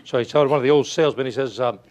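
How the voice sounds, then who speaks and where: An older man giving a motivational talk, telling folksy stories and asking rhetorical questions, swinging from loud to hushed. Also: mid-range voice, racing. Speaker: motivational speaker. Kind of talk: motivational speech.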